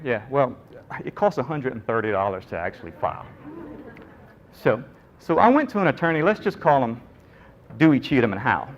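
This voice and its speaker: Man, nurse presenter, animated, joking, sings up and down with his pitch, a bit of room hum. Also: lo-fi sound. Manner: animated storyteller, jokey, acts out quoted people. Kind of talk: conference talk storytelling.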